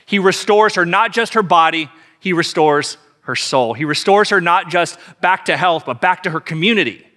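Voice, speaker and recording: A man's voice: fairly high pitch, bright, forceful tone. A man preaching a sermon as pastor, telling the story emphatically and repeating key phrases.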